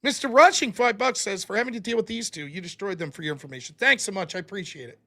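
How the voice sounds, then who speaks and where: A man's voice: high-pitched, fast talker, pushed and bright. A man hosting a livestream, reading out donor names and amounts and answering them with dry quips. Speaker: streamer host reading donations. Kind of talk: casual livestream chat.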